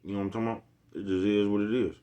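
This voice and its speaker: A man's voice: on the low side, steady tone, very fast, mellow. A man ranting to camera in a rambling, profane way, full of slang and repetition, always checking if you get him. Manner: rambling, profane, keeps asking "you know what I'm talking about"; streetwise slang, repeats himself. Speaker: vlogger. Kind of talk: unscripted rant to camera.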